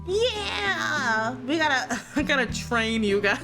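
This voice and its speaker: A woman streamer chatting casually with her viewers, excitable and squealing, swearing freely. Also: high-pitched, slow, over music. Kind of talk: casual live-stream chat.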